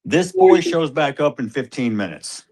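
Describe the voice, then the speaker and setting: A man's voice: medium pitch, lively intonation, normal speed, a little mellow. A man telling a hunting story as a father, recounting it vividly and acting out the exchanges. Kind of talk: recorded storytelling.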